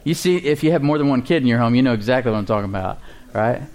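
A pastor preaching a sermon to his congregation, calling for responses and slowing down to read scripture aloud. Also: medium pitch, animated, darkish tone.

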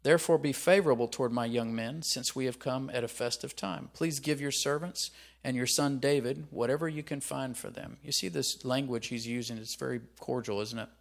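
A male preacher reading a scripture passage aloud and commenting on it in an animated sermon, asking the listeners to repeat lines after him. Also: mid-range voice, a little fast, gravelly.

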